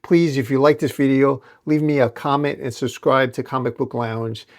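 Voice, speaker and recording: Speaking at normal speed with a medium-pitched voice, the host of a comic book channel recounts a dramatic comic in steady narrative fashion.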